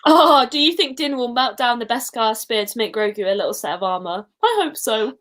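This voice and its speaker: A woman's voice: fairly high pitch, lively intonation, fairly quick, fairly bright tone. A woman co-hosting a casual fan chat, gushing and emotional as she rambles. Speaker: podcast co-host; teacher.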